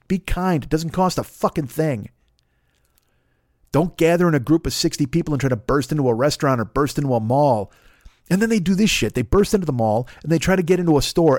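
A man's voice: fairly high pitch, darkish tone, dry recording, studio quality. A man hosting a podcast, delivering an angry, profane comedic rant and mocking the people he talks about. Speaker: podcast host.

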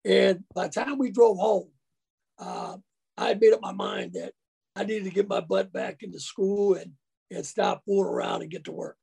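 A high-voiced man with a deeply gravelly, rough texture tells stories in a relaxed interview. His husky delivery is folksy and colloquial, the way a former ballplayer talks about the old days. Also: moderate pace. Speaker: interview guest, former college football player. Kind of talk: casual storytelling.

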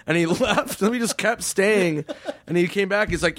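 A man telling stories in casual chat, laughing often, swearing and acting out quotes in a higher voice. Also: quick pace, fairly bright tone, no room sound.

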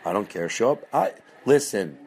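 A man's voice: lowish voice, lively intonation, moderate pace, a little mellow. A man hosting a podcast in casual, rambling chat, often breaking off mid-thought and swearing offhandedly. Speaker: podcast host.

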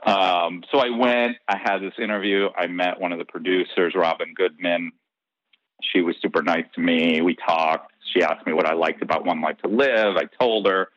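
A man's voice: sits low, moderate pace, dry recording. A man, a soap opera head writer, telling stories in a casual interview and acting out the dialogue. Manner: lively, acts out dialogue in his stories. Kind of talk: casual anecdotal storytelling. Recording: dull, dry lo-fi podcast audio.

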